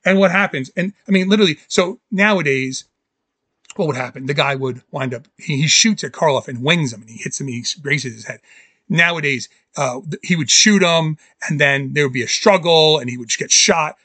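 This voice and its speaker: A man co-hosting a podcast in casual chat, excitably acting out movie scenes in quoted voices. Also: fairly high pitch, normal speed, dry recording. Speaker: podcast co-host.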